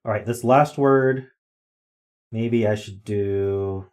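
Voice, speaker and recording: A man with a lowish voice talks slowly and unhurriedly into a desk mic. He streams live from home, thinking aloud through word puzzles, trailing off into ums as he tries words. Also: darkish tone. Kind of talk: casual live-stream chat while playing word games. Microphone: desk microphone.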